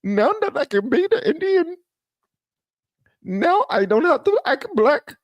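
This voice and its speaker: A man voicing a gleeful, mocking impression of a woman politician in a high, sing-song voice. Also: very animated, unhurried, dry recording, lo-fi sound, heavily acted. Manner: giddy, sing-song mockery.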